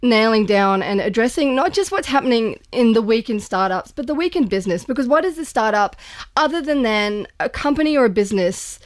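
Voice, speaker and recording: Brisk and expressive, a woman with a slightly high voice co-hosts a casual podcast discussion. She comes across as earnest and thoughtful, frequently restarting as she talks, and the studio recording is dry.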